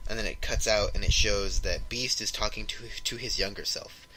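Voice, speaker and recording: A young man co-hosting a podcast, excitedly retelling a comic story in casual chat, rambling as he goes. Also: lowish voice, fairly quick, few pauses, slight background noise, poor audio. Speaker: podcast co-host.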